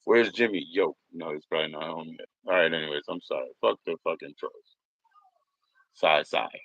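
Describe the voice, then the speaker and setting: New guy streaming from home, deep voice, dry dull mic, swearing at trolls. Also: brisk, a bit bright, no room sound. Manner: profane, rambling, mocking trolls. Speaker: livestream host. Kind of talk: casual livestream chat.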